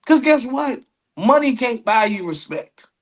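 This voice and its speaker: High-voiced animated man, casual podcast. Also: unhurried. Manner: animated storyteller, acts out quotes, swears freely. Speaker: podcast co-host. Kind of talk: casual comedic chat.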